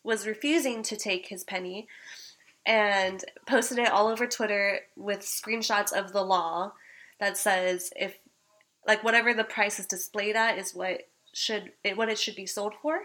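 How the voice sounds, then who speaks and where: A woman's voice: mid-range voice, steady tone, measured pace, pushed and bright, poor audio. A young woman co-hosting a podcast, telling a story in casual chat with lots of "like" and fits of laughter. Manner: chatty storytelling, frequent laughing fits, fillers like "like". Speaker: podcast co-host.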